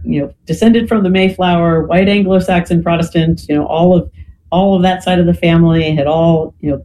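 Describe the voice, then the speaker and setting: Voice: mid-range voice, a little mellow, slight background noise, low-quality recording. Guest explaining history, leaning on "right?". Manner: peppers speech with "you know" and tag "right?". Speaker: podcast guest.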